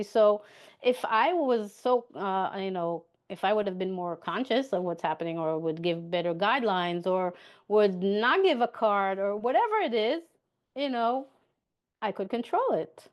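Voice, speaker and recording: A woman's voice: medium pitch, unhurried, dull audio. A woman giving a motivational coaching talk, chatty, repeating her points and checking in with "okay?".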